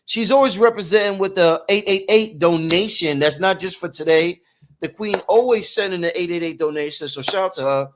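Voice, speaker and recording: A man hosting a casual livestream interview, animated and exclaiming, reading out viewer questions. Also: high-pitched, moderate pace. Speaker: livestream host.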